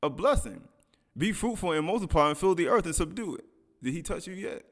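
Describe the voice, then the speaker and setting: A man's voice: a little high, animated, brisk. A man preaching a sermon, reading scripture aloud and commenting in casual speech with laughs.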